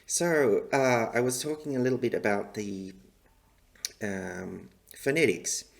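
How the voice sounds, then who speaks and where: A man's voice: medium pitch, slow, gravelly. A middle-aged man talking casually to camera about learning languages, chatty and rambling, with many fillers and restarts.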